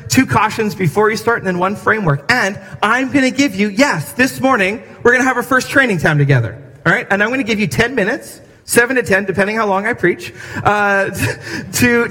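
A man's voice: sits high, normal speed, pushed and bright, big-room sound. A man preaching a sermon in a church, speaking conversationally and acting out little scenes with quoted voices for humor. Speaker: pastor. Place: church sanctuary.

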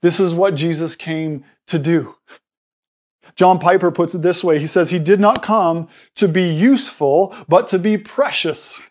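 A man's voice: high voice, measured pace. A man preaching a sermon, earnest and explanatory, often restarting his words as he talks. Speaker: pastor.

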